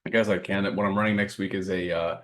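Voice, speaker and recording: A man co-hosting a casual podcast, talking earnestly and reading a list of sayings aloud in a steady way. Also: low-pitched, fast talker. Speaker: podcast co-host and coaching business owner.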